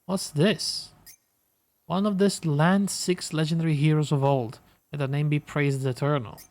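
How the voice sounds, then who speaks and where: A man's voice: on the high side, fairly even intonation, a little slow, darkish tone. Sarcastic male game streamer. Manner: sarcastic, swears casually. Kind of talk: live gameplay commentary.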